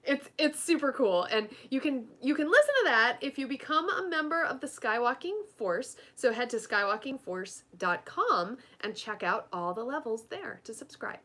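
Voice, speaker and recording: A woman co-hosts a casual podcast and rattles off plugs and thank-yous. Her voice is bright and forward, with pitch that leaps around animatedly. She sounds upbeat and eager. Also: normal speed, few pauses. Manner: upbeat, lively promotional delivery. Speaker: podcast co-host. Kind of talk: casual podcast outro and sponsor reads.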